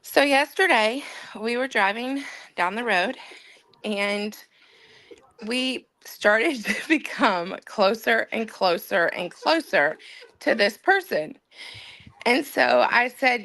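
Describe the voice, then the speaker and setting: Woman in her 30s, bright kinda high voice, laughing thru a podcast story, dry sound. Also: slow pace, pauses often, no room sound. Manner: animated, laughing while telling a story. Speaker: podcast co-host. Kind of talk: casual storytelling.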